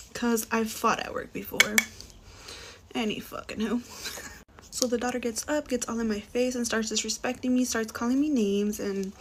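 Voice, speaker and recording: A young woman who works as a restaurant server, chatting through a profane get-ready-with-me storytime in a casual way. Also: on the high side. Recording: faint background noise.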